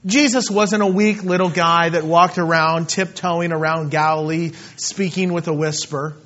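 A male pastor with a fairly high voice preaches at normal speed with a steady tone. His delivery shifts from quiet asides to loud, emphatic outbursts, and the recording sounds dull and lo-fi.

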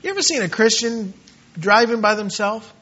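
A man preaching with fervor, his voice pitched very high and ringing sharp and bright. He drives his sermon hard and slips into mocking voices for the doubters. The recording sounds dull and lo-fi. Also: expressive, moderate pace. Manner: impassioned, mimics doubters in quoted asides.

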